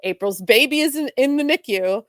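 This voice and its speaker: A woman co-hosting a podcast, retelling a soap opera plot in a quick, animated casual chat full of "like"s. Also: high-pitched, dry recording, studio quality. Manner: fast, animated retelling with many "like"s. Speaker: podcast co-host.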